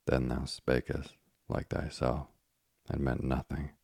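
A man reading an audiobook, voicing a stern, scheming old witch woman who speaks in archaic phrases, with a husky, half-whispered edge. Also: very deep voice, flat delivery, slow, a little mellow, no room sound, studio quality, exaggerated voice. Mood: doting.

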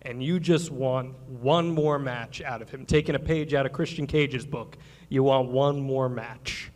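A man hosting a live stage talk show, energetic and blunt, swearing casually. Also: mid-range voice, a little slow. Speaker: host.

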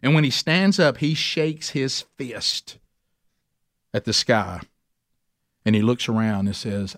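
A man teaching a men's Bible study, preaching emphatically, slowing down to stress points and speeding up when fired up. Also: mid-range voice, expressive, fairly bright tone, no room sound, studio quality.

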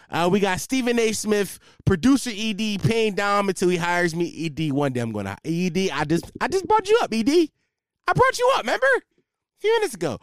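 A man's voice: high voice, no echo, clean studio sound. A young man hosting a casual solo podcast, telling profane, rambling, self-mocking stories while a bit drunk. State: tipsy from drinking. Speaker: podcast host. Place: home setup with a ring light, facing camera.

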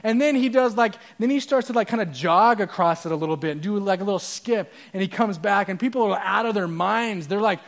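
A man's voice: sits high, brisk, creaky, hardly any pauses. A man preaching a sermon as pastor, conversational and using props and asides to the audience.

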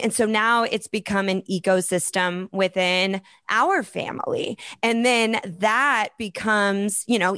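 A woman's voice: mid-range voice, no room sound, studio quality. A woman guest on a podcast, chatting casually and animatedly, telling personal stories. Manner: animated storyteller, quotes family in lively voices. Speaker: podcast guest, storytelling speaker. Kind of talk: casual conversational interview.

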